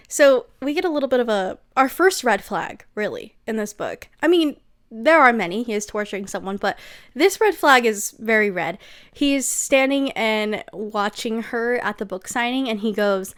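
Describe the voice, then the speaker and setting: A woman's voice: fairly high pitch, animated, moderate pace. A young woman giving a casual, sarcastic book recap, gossipy and full of asides like "okay?". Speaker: book reviewer.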